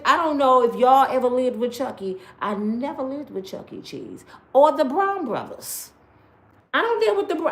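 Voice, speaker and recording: Blunt, animated woman in an echoey room. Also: high voice. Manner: blunt, profane, animated storytelling. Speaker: live-stream host. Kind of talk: casual live-stream chat. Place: at home.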